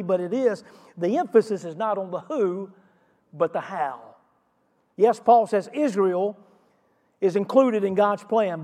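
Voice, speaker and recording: A man with a notably high voice delivers a sermon as a pastor, teaching earnestly and posing rhetorical questions to his congregation. His voice rings out with a long reverb, as if in a large church sanctuary. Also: darkish tone.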